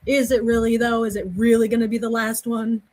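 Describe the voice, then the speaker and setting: A woman guesting on a casual podcast, chatty and quick to laugh. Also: fairly high pitch, little pitch movement, a little mellow, dry recording.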